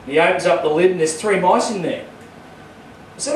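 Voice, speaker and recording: A man with an Australian accent doing stand-up comedy, telling a crude, rowdy story and shouting his punchlines. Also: high voice, brisk, a little hiss or hum. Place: small comedy club stage. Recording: echoey room from far off.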